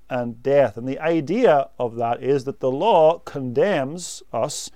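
A man preaching a sermon, teaching doctrine in a slow, measured way and repeating key words for emphasis. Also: fairly high pitch, dark tone, no echo, studio quality.

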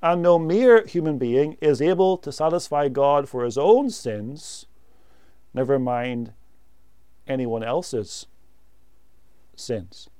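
A man delivers a sermon at an unhurried, deliberate pace, pressing his points home by repeating key words. His voice is warm, dark and smoothly resonant. The recording is close and dry. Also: medium pitch, lively intonation, dry recording. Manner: slow, measured doctrinal teaching with emphatic repetition. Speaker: preacher.

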